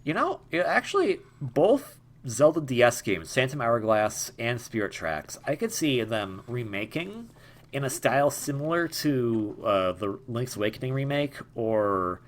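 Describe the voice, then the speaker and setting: Animated young man riffing over gameplay. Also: mid-range voice, measured pace. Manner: rambling, jokey, stammers and repeats words. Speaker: gaming YouTuber. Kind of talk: casual let's-play commentary.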